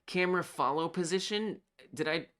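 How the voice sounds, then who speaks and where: A game developer on a live coding stream, thinking aloud while debugging, excitable and self-talking. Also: mid-range voice, moderate pace.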